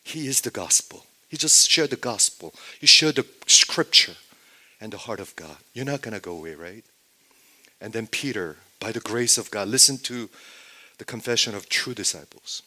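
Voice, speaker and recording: Preacher swinging between booming and whispered. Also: male voice. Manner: swings from loud emphatic statements to hushed whispers, repeats phrases. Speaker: pastor. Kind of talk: sermon.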